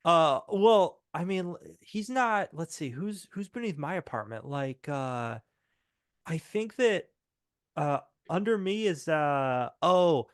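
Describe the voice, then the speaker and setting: A man voicing an excitable young boy who rambles and stumbles over fillers in a tabletop game. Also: a little high, slow pace, smooth, dry recording, clean studio sound. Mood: excited. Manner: breathless, stumbling, full of fillers.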